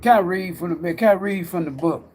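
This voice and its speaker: A man's voice: high voice, brisk, darkish tone, a little hiss or hum. A middle-aged man hosting a tarot livestream, talking in a rambling, preacher-like way, swearing freely and addressing viewers directly. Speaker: tarot reader and livestream host.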